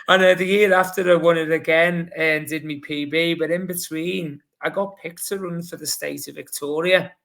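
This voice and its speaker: A man's voice: a little high, fairly even intonation, moderate pace, vocal fry, hardly any pauses, a bit bright. A man in his forties from Liverpool with a Scouse accent, chatting casually as a podcast guest and acting out quotes as he tells stories. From Liverpool, England. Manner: chatty storyteller, acts out quotes. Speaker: guest, marathon runner.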